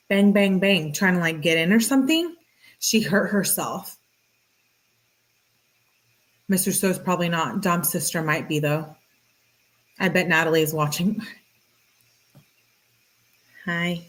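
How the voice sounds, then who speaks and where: A woman's voice: on the low side, fairly bright tone. Slangy woman reading texts aloud. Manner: casual, slangy, sarcastic asides. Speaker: true-crime commentator. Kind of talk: reading text messages aloud and reacting.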